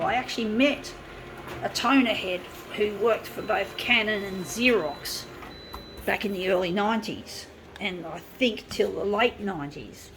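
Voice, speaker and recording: A woman vlogger delivering a furious, profane rant straight to her viewers. She swings between shouting and grumbling under her breath. Her voice sits in a middle pitch over a faint hum of background noise. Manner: profane, ranting, shouts and then drops to muttering. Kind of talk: angry rant to camera.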